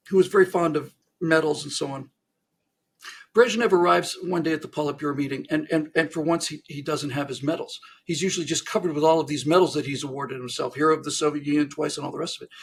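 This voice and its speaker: Telling jokes to a host, a male narrator and historian voices the characters himself and keeps restarting. The pitch is fairly high and a bit bright, with slight background noise.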